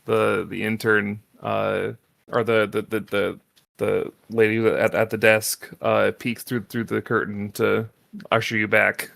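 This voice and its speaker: Gravelly-voiced man running a tabletop game. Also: fairly low pitch, little pitch movement, fairly bright tone. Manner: halting, filler-heavy narration. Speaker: game master.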